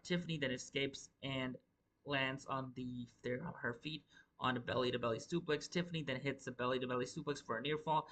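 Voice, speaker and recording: Bright-voiced, profane wrestling reviewer man. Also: medium pitch, poor audio. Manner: rambling, profane, stumbles and restarts often. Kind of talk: profane live review commentary.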